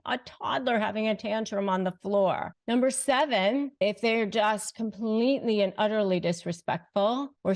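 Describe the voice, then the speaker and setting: A woman hosting an advice video, speaking emphatically and slowing down to stress key phrases. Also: medium pitch, darkish tone. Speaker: host giving advice. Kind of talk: direct-to-camera advice talk.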